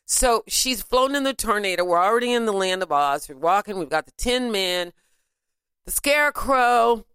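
A woman casually retelling a story in an animated way, now and then breaking into sung snippets. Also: medium pitch, moderate pace, clean tone, no echo, clean studio sound.

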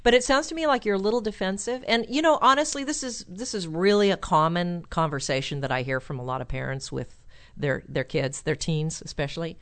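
A woman's voice: fairly low pitch, brisk. A woman hosting a call-in advice show, coaching a caller and suggesting what he could say.

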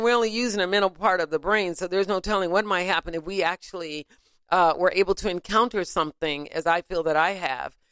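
A woman casually retelling a story in an animated way, now and then breaking into sung snippets. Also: fairly low pitch, clean tone, dry recording, studio quality.

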